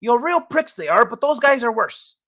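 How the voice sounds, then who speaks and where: A man's voice: extremely high pitch, very animated, moderate pace, pushed and bright, voice pushed up, full character voice. A man putting on a mock Irish accent to play a boastful Irishman heading off to fight Nazis, in a hammy, folksy drawl. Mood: swaggering.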